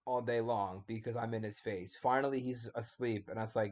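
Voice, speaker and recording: A man hosting a relaxed podcast chat, playful and teasing, padding his talk with filler words. The recording sounds muffled and dull. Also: mid-range voice, brisk. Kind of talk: casual chat.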